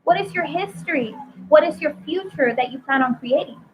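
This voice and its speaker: Hosting a casual spiritual talk, a woman poses searching questions in a preachy manner. Her voice sits high and sounds expressive at a normal speed, carried over a tinny, phone-like line with faint noise.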